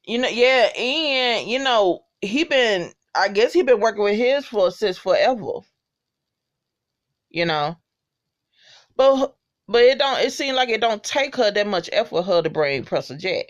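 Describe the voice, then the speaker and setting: A woman casually recapping a TV episode, swearing freely and reacting with loud disgust. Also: medium pitch, lively intonation, unhurried, muffled recording. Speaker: TV recap vlogger.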